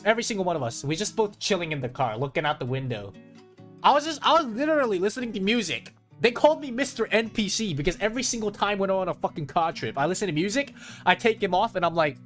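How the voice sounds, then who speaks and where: Male streamer, higher voice, very animated delivery, profane storyteller; light guitar bed behind. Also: a little fast. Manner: animated, swearing, acts out friends' voices. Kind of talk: casual storytelling chat with viewers. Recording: faint guitar music behind.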